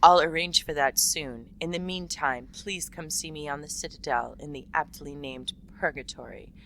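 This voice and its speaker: A woman playfully voices a seductive alien crime boss from a space game. The voice sits low with a bright edge and a commanding, slow purr. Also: poor audio. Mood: sultry.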